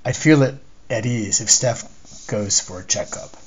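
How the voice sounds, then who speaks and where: A man's voice: on the low side, normal speed, slightly rough, highs cut off. A man reading a novel aloud, giving the lines of a polite, concerned male winemaker in a plain, earnest voice. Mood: apologetic.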